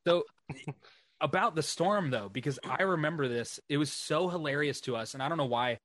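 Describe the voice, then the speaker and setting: A man's voice: on the high side, normal speed, fairly bright tone, dry recording. A man hosting a podcast, chatting loosely, swearing and laughing as he recalls a story. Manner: rambling, swears freely, laughs a lot. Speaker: podcast host. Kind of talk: casual chat.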